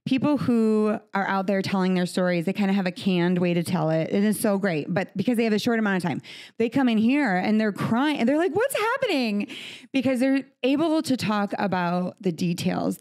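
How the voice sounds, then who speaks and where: A woman's voice: medium pitch, a little fast, a little mellow. A woman hosting a podcast in a recording studio, talking in a heartfelt, earnest way in a conversational interview. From United States. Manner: heartfelt, earnest, speaks of faith. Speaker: podcast host.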